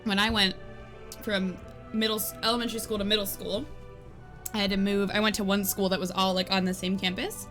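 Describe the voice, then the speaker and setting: A woman's voice: medium pitch, brisk. A woman live-streaming a game, chatting casually with viewers in a rambling, giggly way full of "like". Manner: giggly, animated storytelling. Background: faint game music.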